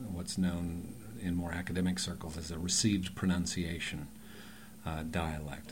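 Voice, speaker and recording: A man's voice: deep voice, darkish tone, slight background noise. A man, an acting teacher talking in a chatty, rambling way with emphatic bursts during a podcast conversation.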